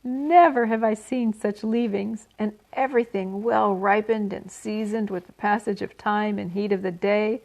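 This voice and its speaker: Storybook rat voiced by a woman: husky, loud, slow, gloating and greedy, gravelly edge. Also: medium pitch, steady tone, close to an everyday voice. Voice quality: husky, hoarse. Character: gluttonous male barn rat, sly and gloating.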